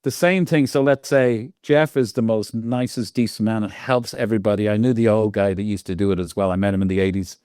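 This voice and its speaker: An Irish man in his sixties, a guest on an interview show, telling lively stories full of laughs and quoted voices. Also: lowish voice, brisk, hardly any pauses, dry recording, clean studio sound. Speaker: guest lighting designer. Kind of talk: casual interview storytelling.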